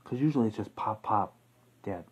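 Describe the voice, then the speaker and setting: Husky low-voiced man rambling casually. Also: lively intonation, brisk, poor audio. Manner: rambling, lots of fillers and self-corrections, chuckles. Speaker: YouTube true-crime host. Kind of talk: casual off-the-cuff talk to camera.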